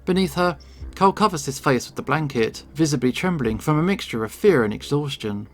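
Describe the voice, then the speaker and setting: A man's voice: on the high side, lively intonation, fairly quick. A man reading a visual novel aloud in first person, with dramatic expression. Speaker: game reader.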